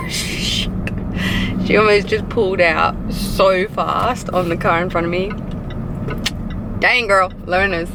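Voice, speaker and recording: Australian woman vlogger, slow rambling chat, noisy camera audio. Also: medium pitch, wildly swooping pitch. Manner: chatty, rambling, giggly asides. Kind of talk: casual vlog chat. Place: in a car, then at home.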